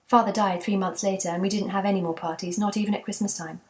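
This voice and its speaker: A woman's voice: medium pitch, steady tone, fast talker, darkish tone, close to an everyday voice. Woman reading as a wistful old grandmother. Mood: reminiscing. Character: wistful elderly grandmother recalling childhood.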